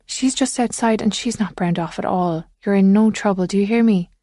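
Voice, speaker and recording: A woman reading an audiobook, voicing a determined woman officer who coaxes a lost girl gently. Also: medium pitch, moderate pace, no room sound, studio quality, natural voice. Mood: gentle. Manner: urgent but gentle, coaxing.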